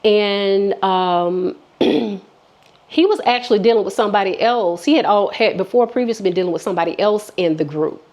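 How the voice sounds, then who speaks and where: A woman's voice: medium pitch, normal speed, darkish tone, muffled recording. A woman vlogger telling a personal story in casual chat, candid and chatty, often acting out what people said. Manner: candid, chatty, many fillers and restarts, quotes people.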